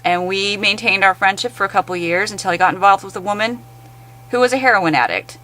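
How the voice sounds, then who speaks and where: A woman's voice: medium pitch, quick pace, bright, forceful tone, rough recording. A woman in an angry, blunt, profane rant to camera. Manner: blunt, heavily profane, exasperated.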